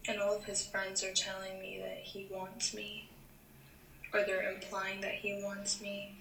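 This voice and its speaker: A woman leaving a voicemail, talking in a steady, unsure and confiding way as she asks for advice. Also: mid-range voice, measured pace, creaky. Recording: echoey voicemail with faint noise.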